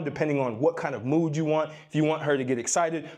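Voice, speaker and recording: Talking fast with few pauses, a young man with a fairly high, lively voice gives dating advice while facing the camera. This dating and self-improvement creator lectures emphatically in his direct monologue, repeating "you need to" and purposely shifting his tone to stress what matters.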